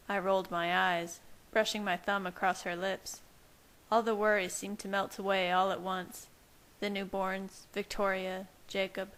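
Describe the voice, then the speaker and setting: Brief: woman amateur audiobook reader, steady first-person narration. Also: medium pitch, moderate pace. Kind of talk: fan-fiction reading.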